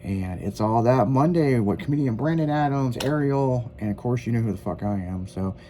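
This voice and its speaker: A male radio host speaks with a dark, mellow voice, and there is faint noise under it. His manner is brash and profane, and he keeps the show loose and casual. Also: mid-range voice, animated, moderate pace. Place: radio studio.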